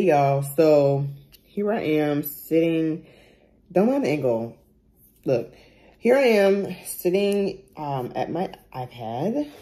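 A woman's voice: deep voice, dark tone. A young woman vlogging casually at home, chatty and repeating herself, often calling viewers y'all. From Chicago area, United States. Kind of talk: casual vlog to camera.

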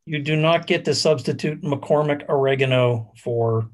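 A man's voice: fairly high pitch, moderate pace, slight background noise. A man professor on a university panel, folksy and wry, with hesitant restarts. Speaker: chemical engineering professor, panelist. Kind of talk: panel discussion.

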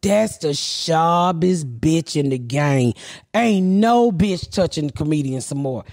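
A woman in her forties, a comedian hosting a podcast, telling stories in a brash, profane, animated way. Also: deep voice, slow. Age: 40s. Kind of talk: casual storytelling chat.

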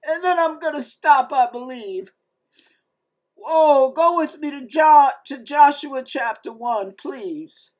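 A woman preaches a devotional message in a high, slow, deliberate voice. She speaks fervently and with emphasis, calling her listeners "y'all" and "you guys." She leans into each phrase as she reads the scripture aloud. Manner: fervent, emphatic, breaks into gospel singing. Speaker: online preacher. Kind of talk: devotional sermon with scripture reading and singing.

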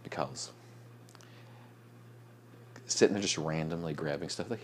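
A young man chatting casually in a late-night vlog, sleepy and yawning, rambling with restarts and soft chuckles. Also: rumbling low, measured pace, long pauses, a little hiss or hum. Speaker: vlogger.

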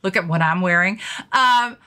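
A young woman casually showing off her collectible merchandise, gushing and excitable with frequent giggles. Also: on the low side, moderate pace, clean tone. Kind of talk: casual unboxing chat.

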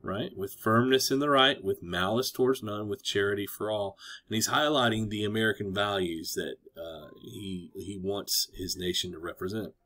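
A man's voice: fairly low pitch, normal speed, pushed and bright, soft background music. A man teaching a recorded lesson to children, chatty and encouraging. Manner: chatty, encouraging, reads quotes aloud with emphasis.

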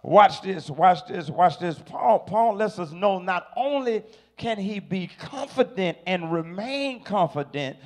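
High-pitched preacher man, rising to shouts. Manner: call-and-response preaching, stammered repeats, builds to shouting. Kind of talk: sermon.

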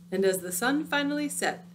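A woman reading a picture book aloud, dramatic and dropping into hushed, spooky tones. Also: a little high, a little hiss or hum. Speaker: storyteller.

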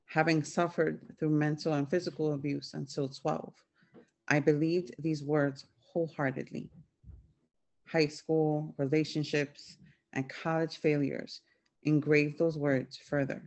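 A woman's voice: deep voice, little pitch movement, a little slow, a little mellow. A woman reading her own church devotional aloud, hesitant with frequent fillers. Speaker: devotional reader.

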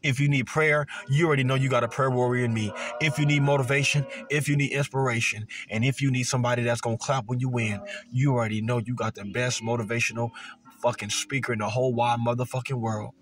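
A man's voice: medium pitch, fairly even intonation, quick pace. A man, giving a profane motivational sermon, emphatic and repetitive with heavy swearing. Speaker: motivational speaker.

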